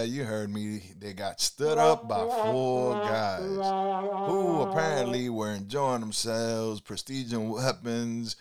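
This driver's voice sits on the low side with a clean tone. Laid-back yet preachy, he shares stories from his driving with a passenger, offers life advice, and keeps dropping "you know" into his talk.

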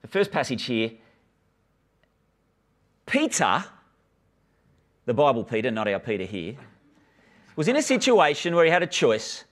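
Animated preacher man. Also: mid-range voice, a little slow, pauses often. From Australia. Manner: animated storytelling, acts out dialogue, laughs easily. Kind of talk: sermon. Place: church hall with live congregation and online stream.

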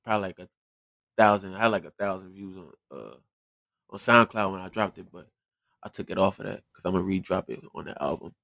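A young man from Liberia, a rapper as guest, chatting casually in a soft, laid-back voice. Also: low-pitched, fairly quick, gravelly, no echo, clean studio sound. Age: young adult. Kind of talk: casual interview chat.

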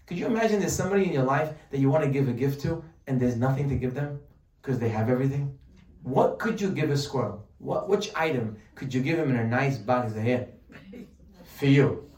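A man giving a humorous religious lesson, animated and joking, full of rhetorical questions. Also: medium pitch, fast talker. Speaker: Torah teacher. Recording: roomy sound from a distant mic.

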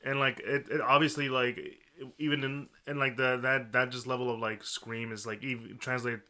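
A man co-hosting a podcast, discussing a film in casual chat, halting and restarting as he searches for words. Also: mid-range voice, flat delivery, bright, forceful tone. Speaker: podcast co-host.

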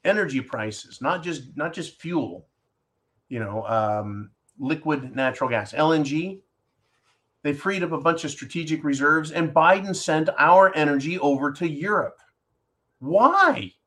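A man hosting a talk show, reading a listener's question and then ranting at length in a sarcastic, animated way, often calling his listeners "folks". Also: fairly high pitch, measured pace. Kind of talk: casual opinion talk show.

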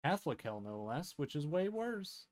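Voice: mid-range voice, sing-song, normal speed, darkish tone. Blunt, sardonic podcast co-host. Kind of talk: casual book-club chat.

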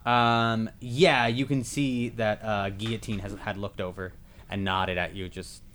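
A man's voice: on the low side, level tone, measured pace, fairly bright tone, slight background noise. A man acting as game master of a tabletop game, explaining rules and narrating with many restarts and fillers. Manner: rambling, full of fillers and restarts.

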